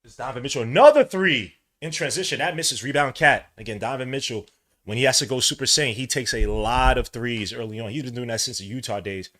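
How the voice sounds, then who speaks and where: A man from New York hosting a live watch-along, rambling between casual play-by-play and chat, and shouting when plays excite him. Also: mid-range voice, fast talker. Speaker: podcast host doing a game watch-along.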